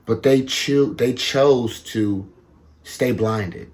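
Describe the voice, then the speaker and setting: A man giving a casual tarot reading to his viewers, talking slowly and repeating himself, with bits of slang. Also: mid-range voice, darkish tone. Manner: slow, repetitive, conversational with slang. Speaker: tarot reader.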